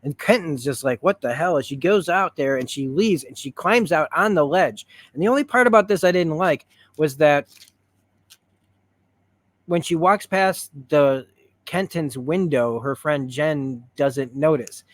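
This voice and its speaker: A man reviewing a TV episode in a rambling, excitable way, retelling scenes as he goes. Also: fairly high pitch, measured pace, dry recording. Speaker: show reviewer. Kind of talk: stream-of-consciousness review.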